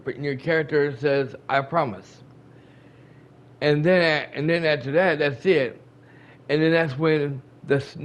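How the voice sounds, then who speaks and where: A man hosting a gaming channel, casually recapping a game. He rambles, repeats himself, talks straight to his viewers and retells scenes with quoted dialogue. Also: fairly high pitch. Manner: colloquial and chatty, addressing viewers directly.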